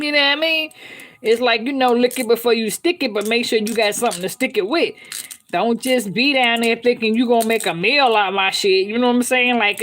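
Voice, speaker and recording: A woman hosting a live stream, talking bluntly and with heavy swearing, laughing often and reading out viewer comments. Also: on the high side. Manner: blunt, profane, laughs often, keeps checking in with listeners. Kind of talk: candid unscripted live-stream chat.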